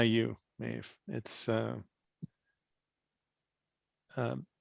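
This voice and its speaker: A man leading an online spiritual class over a video call, speaking gently and slowly while searching for his words. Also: medium pitch, vocal fry, dry recording. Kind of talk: reflective teaching talk.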